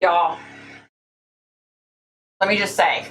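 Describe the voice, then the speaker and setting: A woman's voice: on the low side, fairly even intonation, drawn-out words. A woman hosting a casual livestream, talking bluntly and speaking her mind. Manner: blunt, opinionated, says "y'all". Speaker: livestream host. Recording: echoey room, faint hum, mic at a distance.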